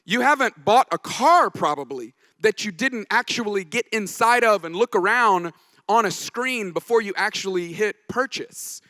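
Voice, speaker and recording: A man's voice: sits high, lively intonation, normal speed, sharp tone, dry recording. A man giving a conference talk as a pastor, telling stories with jokes along the way. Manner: anecdotal, joking storyteller. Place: conference stage.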